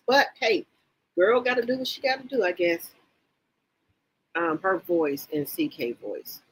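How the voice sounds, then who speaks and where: A woman chats on a casual livestream, reading viewer comments and reacting to each one. Her voice is bright and a little husky. She exclaims often and repeats her reactions over and over. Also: medium pitch, measured pace, low-quality recording. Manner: animated, exclaims and repeats herself, reads chat comments aloud. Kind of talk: casual reality-TV gossip chat.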